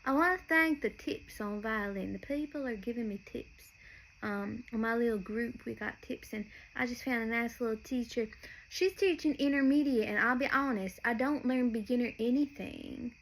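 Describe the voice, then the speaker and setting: A woman's voice: fairly high pitch, moderate pace, a little hiss or hum, low-quality recording. A young woman from Nashville, talking in a rambling, chatty podcast monologue that often breaks off and restarts mid-sentence. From Nashville, Tennessee. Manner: chatty, meandering, self-interrupting. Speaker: podcast host.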